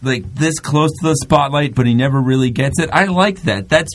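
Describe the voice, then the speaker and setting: A man's voice: mid-range voice, moderate pace. A young man hosting a podcast, chatting and joking, laughing often and trailing off mid-sentence. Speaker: podcast host. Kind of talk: casual comedic chat.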